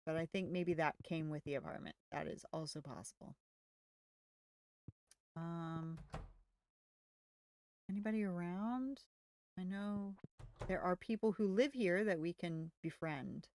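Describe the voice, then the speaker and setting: A woman's voice: lowish voice, measured pace, long pauses, a little mellow, slight background noise. Chatty woman narrating her gameplay. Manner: chatty, easygoing, thinking aloud. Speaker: gaming streamer. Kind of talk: casual gameplay commentary. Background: faint music.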